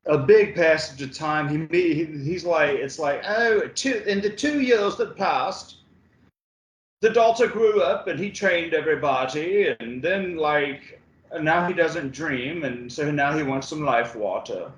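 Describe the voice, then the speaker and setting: A man co-hosting a podcast, talking haltingly with many fillers and acting out characters in mock voices. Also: a little high, echoey room, rough recording. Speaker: podcast co-host. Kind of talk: casual film review chat.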